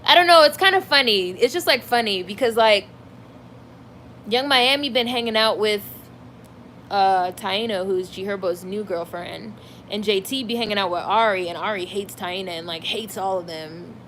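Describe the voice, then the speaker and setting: A talkative woman in the middle of her voice range, dishing celebrity gossip to a live chat. She talks in an animated way, with "like" running through every thought. A faint hiss sits under her voice. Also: mid-range voice, normal speed. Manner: chatty, animated, heavy use of "like". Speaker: livestream host reading chat.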